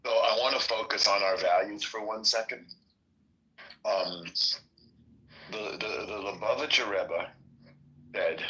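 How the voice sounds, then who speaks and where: A man hosting a political podcast, speaking in a measured, emphatic way. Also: fairly low pitch, pushed and bright, rough recording. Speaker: podcast host. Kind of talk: casual political discussion.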